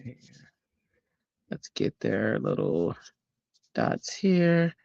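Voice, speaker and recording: A man's voice: lowish voice, very animated, drawn-out words, vocal fry, darkish tone, no echo, lo-fi sound. A man, chatting casually and rambling with lots of fillers while he makes cards on a livestream at home. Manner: chatty, rambling, greets viewers, many fillers. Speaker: card-making livestream host.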